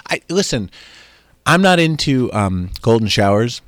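A man hosting a comedy podcast, telling bawdy stories in a lively, animated way with frequent laughs. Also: mid-range voice, unhurried, no room sound. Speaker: podcast host. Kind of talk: casual comedic chat.

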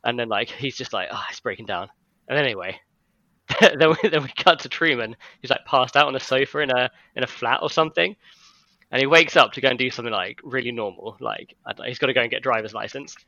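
Fast-talking man rambling through a story. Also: medium pitch, pushed and bright, no echo, lo-fi sound. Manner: rambling storytelling, heavy use of "like". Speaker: friend retelling an imagined film plot. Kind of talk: casual chat among friends.

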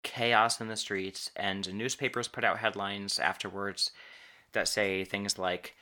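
A man hosting a podcast, recounting a true story in casual talk, pausing and stretching words for emphasis. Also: on the low side, flat delivery, bright, forceful tone. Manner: halting, restarts and stretched emphasis on key words.

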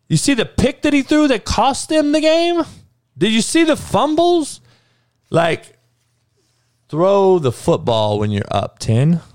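A man's voice: medium pitch, no room sound, clean studio sound. Heated, profane male podcast ranter. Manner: profane, heated, animated, with outbursts. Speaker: podcast host. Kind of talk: casual opinionated rant.

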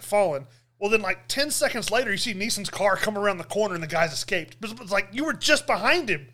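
A man's voice: high-pitched, pushed and bright. A man in casual podcast chat, rambling through a movie plot recap with fillers and laughs.

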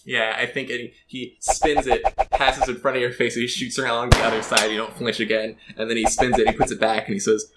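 A man narrating as game master, animated and often laughing. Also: mid-range voice, brisk, hardly any pauses, very noisy.

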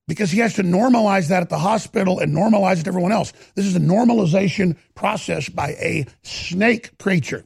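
Ranting male talk host, heavy gravel and rasp in a fairly high voice, stuttering emphasis. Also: lively intonation, normal speed, few pauses, no echo, clean studio sound. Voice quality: gravelly, raspy. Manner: ranting, emphatic, stammers and repeats words. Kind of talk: impassioned monologue.

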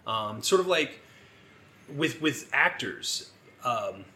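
A man's voice: mid-range voice, animated, slow, sharp tone. A man co-hosting a podcast in a casual chat, laid-back, swearing freely and often laughing as he talks. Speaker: podcast co-host.

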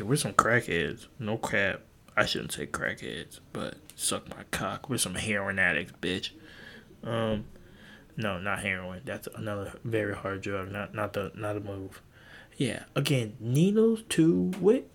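A young man hosting a solo podcast from home, rambling crudely and mocking himself in an animated way. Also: on the low side, vocal fry. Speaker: podcast host. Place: home with a loud family nearby.

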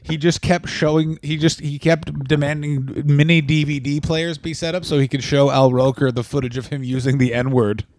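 A man co-hosts a comedy podcast in a slightly high voice, riffing with crude, animated energy. He is close to the mic, and the sound is dry with no room around it. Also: normal speed, few pauses, no room sound. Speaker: podcast co-host. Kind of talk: casual comedic chat.

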